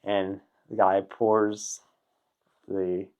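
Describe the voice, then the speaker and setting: Man, low-ish voice, casual podcast storyteller, rambling and chuckling. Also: level tone, extremely slow, clear, resonant tone, narrow, tinny audio.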